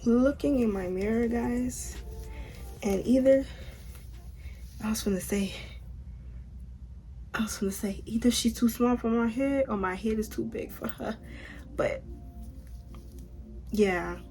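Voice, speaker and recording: A woman's voice: mid-range voice, a little mellow. Chatty young American woman vlogger. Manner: chatty, talks straight to viewers with "y'all". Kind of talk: casual unboxing chat.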